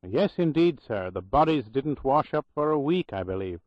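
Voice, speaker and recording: A man voicing a talkative, wry elderly Irish hospital clerk with a loud brogue, on a dull, dry recording. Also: mid-range voice, very animated, normal speed, no room sound, voice pushed up, lightly acted. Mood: sardonic. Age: older. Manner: loud brogue, sardonic storytelling.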